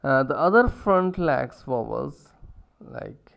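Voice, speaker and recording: A man giving a recorded lecture, halting with many fillers and self-corrections, repeating words aloud to show how they are pronounced. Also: medium pitch, expressive, gravelly, fairly bright tone, clear, resonant tone. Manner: repeats words to demonstrate pronunciations. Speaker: university lecturer.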